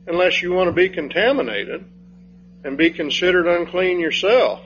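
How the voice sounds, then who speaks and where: A man preaching an expository sermon, slow and emphatic, rising on key phrases and dropping low when he reads scripture. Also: fairly bright tone. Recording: dull lo-fi sound with faint hum.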